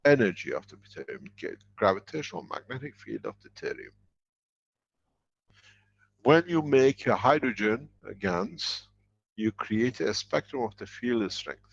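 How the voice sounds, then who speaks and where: A man's voice: medium pitch, very animated, a little slow, creaky, breathy edge, dull audio. A man answering questions in a live online teaching session, explaining at length with emphatic, rambling sentences.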